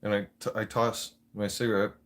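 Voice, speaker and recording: A man's voice: on the low side, level tone, brisk. A man hosting a livestream, ranting bluntly with lots of swearing. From Canada. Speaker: livestream host. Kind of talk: profane casual rant.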